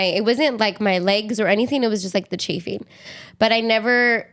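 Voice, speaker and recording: A young adult woman co-hosts a podcast in easy casual chat. She tells her story in an animated, rambling way, full of fillers. Her voice sits at an ordinary middle pitch. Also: fairly quick. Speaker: podcast co-host.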